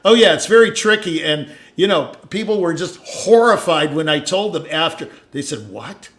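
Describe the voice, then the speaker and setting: An older man hosting a casual chat, storytelling with sudden loud asides and low mutters. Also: moderate pace. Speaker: host.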